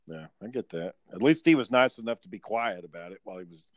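A man's voice: fairly low pitch, lively intonation, fast, no room sound. A man hosting a podcast in casual chat, a profane, rambling storyteller. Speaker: podcast host.

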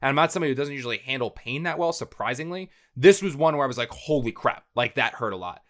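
A man's voice: mid-range voice, lively intonation, very fast, a bit bright. A man co-hosting a show, telling a long story in a casual, rambling way with lots of fillers and restarts.

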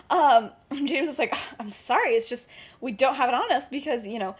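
A woman's voice: high voice, lively intonation, fairly quick, husky. A young woman casually retelling a story on a podcast, full of fillers and acted-out lines. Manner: rambling, filler-heavy, acts out characters with laughs. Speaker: podcast co-host.

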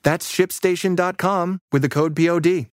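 A man reading a scripted sponsor ad in a smooth, steady sales pitch. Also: moderate pace, dry recording, clean studio sound. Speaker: ad reader. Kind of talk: scripted ad read.

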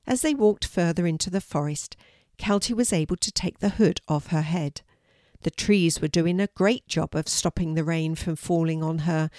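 An older woman, a grandmother, reading a children's story aloud in a warm, gentle way. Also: deep voice, no room sound, studio quality.

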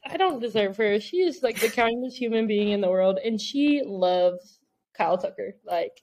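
A young woman co-hosting a podcast over a video call, telling stories and playing out the lines of the people in them. Her voice sits a little higher than most women's. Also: animated, normal speed, darkish tone, slight background noise. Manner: storytelling, acts out quotes. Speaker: podcast co-host. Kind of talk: casual chat.

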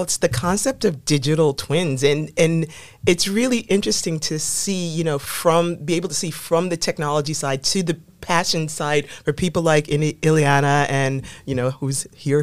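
A woman's voice: sits low, darkish tone, no echo. A woman guest on a podcast talking casually, chatty and full of fillers and restarts. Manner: chatty, many fillers and restarts, laughs often. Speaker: podcast guest, innovation lead. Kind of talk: casual interview talk.

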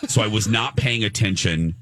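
A man's voice: lowish voice, moderate pace, dry recording, studio quality. A man co-hosting a podcast, telling a story in casual chat and acting out what people said. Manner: animated, acts out quoted voices. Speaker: podcast co-host.

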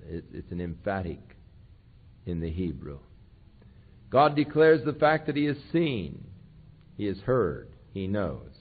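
A man preaching a sermon who reads scripture aloud with slow, emphatic stresses. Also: fairly low pitch, expressive. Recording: tinny phone-like sound.

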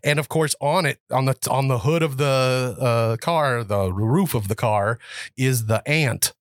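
A man's voice: medium pitch, measured pace, dry recording, clean studio sound. A man co-hosting a podcast, telling stories in a rambling, enthusiastic way. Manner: rambling, enthusiastic storyteller with fillers. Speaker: podcast co-host. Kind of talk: casual chat.

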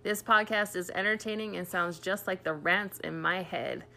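Bubbly woman co-host from Utah, bright voice, lots of fry, giggles a lot. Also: on the low side, normal speed, slight background noise. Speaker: podcast co-host. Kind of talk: casual chat.

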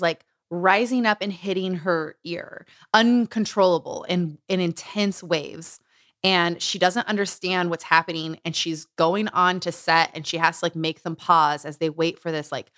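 A woman's voice: on the low side, fairly bright tone, no room sound, clean studio sound. A woman co-hosting a podcast, recapping a memoir in a chatty way with lots of "like" and frequent laughs. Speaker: podcast co-host. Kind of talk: casual book chat.

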